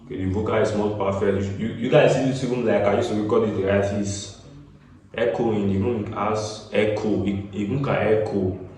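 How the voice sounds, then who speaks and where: A Nigerian man with a lowish, slightly mellow voice gives a casual tutorial on recording music, speaking at a moderate pace with fairly even intonation. He's chatty and repetitive, dropping Pidgin asides such as "get me?". He's in a small echoey room, far from the mic.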